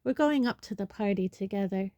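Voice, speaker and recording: A woman's voice: mid-range voice, fairly quick, warm tone, dry recording, highs cut off, close to an everyday voice. A woman reading a storybook, voicing a clever teenage schoolgirl with a sweet, pointed manner. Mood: sweetly pointed.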